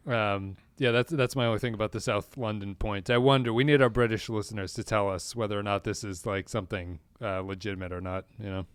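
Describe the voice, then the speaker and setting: A man's voice: on the low side, steady tone, quick pace, hardly any pauses, clear, resonant tone, dry recording. A man who hosts a podcast, chatting in an easygoing, talkative way and reading out a long list of supporter names. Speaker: podcast host, guest. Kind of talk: casual chat and sponsor thank-yous.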